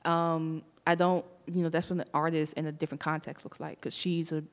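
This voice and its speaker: A woman's voice: low-pitched, fairly quick. Young Southern woman with a slight lisp. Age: young adult. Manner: animated, laughs often, slangy. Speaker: podcast host. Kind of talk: casual podcast chat.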